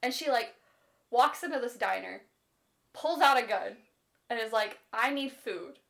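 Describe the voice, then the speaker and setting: A woman co-host talks through book plots in a loose, chatty way. Her voice sits a little high. She is animated, sprinkles in "like" constantly and swears without a second thought. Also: normal speed, gravelly. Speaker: podcast co-host. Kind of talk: casual chat about books.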